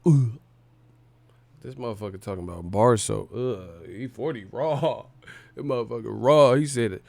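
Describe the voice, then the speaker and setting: A man's voice: medium pitch, normal speed, creaky, a little mellow, no room sound. A man hosting a livestream, ranting in a comic, profane and mocking way. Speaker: livestream host. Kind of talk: comedic livestream rant.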